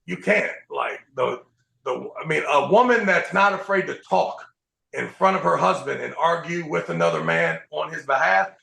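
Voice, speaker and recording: High gravelly dude cursing through a podcast story, echoey room. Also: male voice, normal speed. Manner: profane, animated storytelling. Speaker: podcast host. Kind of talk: casual chat.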